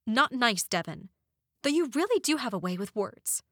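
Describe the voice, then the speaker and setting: A woman voicing a young sister who snaps back at her brother in sharp, exasperated retorts. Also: a little high, sing-song, moderate pace, no room sound, studio quality, pitched above the performer's own voice. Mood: angry.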